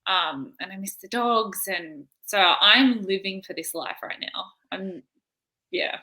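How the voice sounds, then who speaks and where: A young woman from Australia with a softened Australian accent, chatting from home as an interview guest and laughing often. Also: medium pitch, a little slow. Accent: Australian, softened by years in America. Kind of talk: casual video-call interview.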